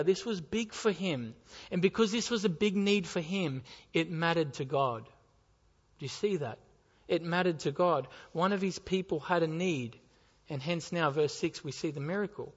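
Pastor preaching in a reverberant hall. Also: male voice, high-pitched, normal speed. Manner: storytelling, rhetorical questions. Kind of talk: sermon. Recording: dull sound with long hall reverb.

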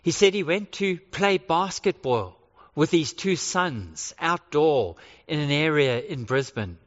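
A middle-aged male pastor preaching a sermon, emphatic and slowing down to stress key phrases. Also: on the high side, animated. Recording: reverberant hall, dull lo-fi sound.

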